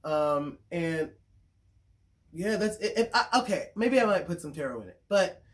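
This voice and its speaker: A spiritual consultant and vlogger talks to the camera in a casual monologue, her voice on the low side, animated, and moderately paced. She's frank and blunt, swears freely, repeats words as she thinks, and often checks in with her listeners.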